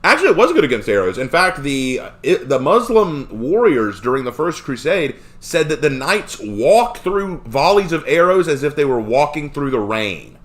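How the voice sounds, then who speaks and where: A man streaming live, reading and answering chat questions in a rambling, animated way with frequent fillers. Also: on the high side, moderate pace, few pauses.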